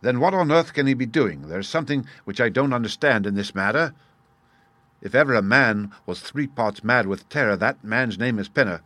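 A man reading the part of a sharp, impatient male detective with a brisk, incisive delivery. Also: medium pitch, lively intonation, dry recording, close to an everyday voice. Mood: puzzled.

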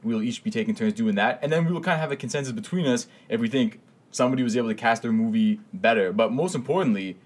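Man hyping up podcast guests like a ring announcer. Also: mid-range voice. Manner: hyped boxing-announcer delivery in intros, rapid rule explanations. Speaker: podcast co-host. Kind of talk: casual podcast chat with announcer-style intros. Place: studio.

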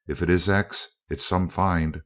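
A man's voice: low-pitched, fairly even intonation, measured pace. A man reading an audiobook, voicing a brash, slangy young adventurer with a confident, breezy manner. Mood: eager.

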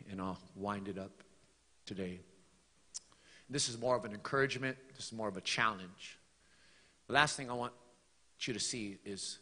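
A man's voice: on the low side, bright, forceful tone, in a large hall. A man preaching a sermon in a church, building to emphatic, repeated lines. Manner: preaching with swelling emphasis and repetition. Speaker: pastor. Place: church sanctuary.

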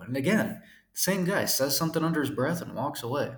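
Gravelly twenty-something guy ranting casually. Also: fairly high pitch, lively intonation, fairly quick, reverberant. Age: 20s. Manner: profane, laid-back, full of fillers like dude and man. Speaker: podcast host. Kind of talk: casual storytelling rant.

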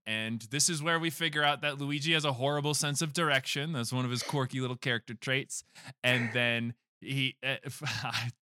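Animated man recapping a movie. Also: mid-range voice, clear, resonant tone, no room sound, studio quality. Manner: animated storytelling, acts out lines of movie characters. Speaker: podcast host recapping a film. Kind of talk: casual chat.

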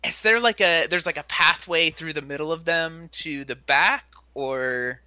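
Bright, eager man at a game table. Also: a little high, a little slow, clear, resonant tone, no room sound. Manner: eager, thinking aloud with fillers. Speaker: player. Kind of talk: tabletop role-play chat.

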